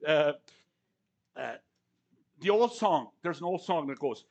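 A male pastor delivers a lively sermon, his voice rising and falling through acted-out quotes. His pitch sits a little high for a man, and he talks in a chatty, storytelling way with frequent restarts. He speaks to a congregation at a church service. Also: takes it slowly, vocal fry, lo-fi sound. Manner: conversational, anecdotal, with stammered restarts and acted-out quotes.

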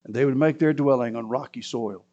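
A man's voice: medium pitch, fairly quick, dark tone, lo-fi sound. A man preaching a sermon, retelling a scripture story with dramatic swings and sudden raised cries.

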